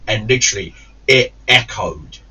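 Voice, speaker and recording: A man's voice: on the low side, lively intonation, normal speed, pushed and bright, breathy edge. A man telling a long angry story, swearing constantly, stumbling and restarting, putting on raised voices for the people he quotes. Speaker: gaming YouTuber. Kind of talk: storytelling rant. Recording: distant muffled mic with faint hiss.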